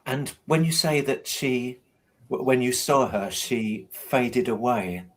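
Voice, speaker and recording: A man hosts a podcast and puts follow-up questions to his guest. His pitch sits in an ordinary middle range. He stumbles and restarts partway through his questions. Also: animated, takes it slowly, poor audio. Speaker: podcast host. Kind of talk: interview questions.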